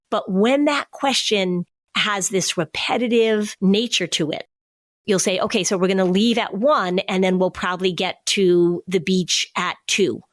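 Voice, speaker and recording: A woman talking on a podcast, laying out ideas and acting out children's questions as she goes. Her voice sits in a middle pitch. The recording is dry and close, with no room sound. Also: dry recording. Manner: explanatory, acts out kids' questions. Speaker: podcast host, anxiety expert. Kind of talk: casual podcast chat.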